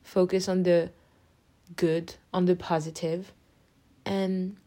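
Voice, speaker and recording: A woman's voice: lowish voice, little pitch movement, slow pace, pauses often, mellow. A young adult woman hosting a podcast, giving a candid, rambling personal update with many restarts and affectionate words for her listeners. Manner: openly emotional, affectionate toward listeners. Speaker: podcast host. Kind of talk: casual personal update monologue.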